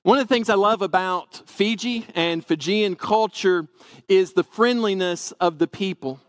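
A man's voice: high voice, measured pace, no room sound. A man from Tennessee, animatedly telling a personal story and acting out the dialogue. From Tennessee, USA.

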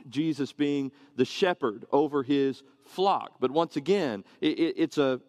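A man's voice: medium pitch, no room sound, studio quality. A man preaching a sermon to his congregation, earnest and conversational, often asking rhetorical questions.

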